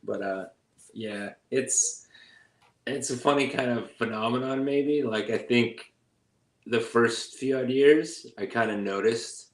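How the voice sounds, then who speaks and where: A man with an American accent touched by Australian, chatting as a guest in a relaxed, hesitant way. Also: medium pitch, takes it slowly, reverberant. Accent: American with slight Australian tinge. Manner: relaxed, hesitant, lots of fillers. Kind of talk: casual chat.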